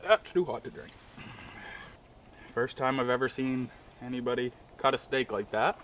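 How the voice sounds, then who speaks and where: A man's voice: mid-range voice, moderate pace, a bit bright, a little hiss or hum. Joking man eating outdoors in winter. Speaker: friend and guest. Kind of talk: casual chat while eating. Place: outdoors on a frozen lake in winter.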